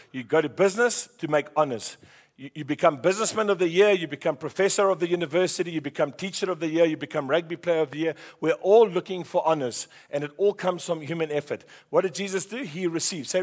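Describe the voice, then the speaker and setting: This is a man delivering a sermon in a voice sitting a little high for a man. He leads the congregation in repeating key words back to him. His delivery swings between quiet, hushed passages and loud, fervent surges. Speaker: pastor.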